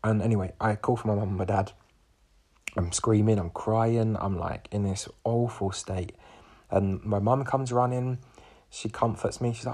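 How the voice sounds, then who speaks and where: A man's voice: on the low side, fairly even intonation, normal speed, mellow, slightly rough. A man in his twenties hosting a podcast, telling a personal story in a rambling way full of fillers and restarts. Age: 20s. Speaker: podcast host.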